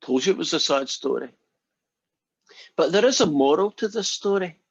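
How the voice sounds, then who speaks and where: A man lecturing math, breaking up the class with jokes and calling on students by name. His voice sits fairly high and his delivery is playful. The audio is dull and lo-fi. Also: expressive, normal speed, gravelly, breathy edge. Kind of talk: casual classroom joke-telling.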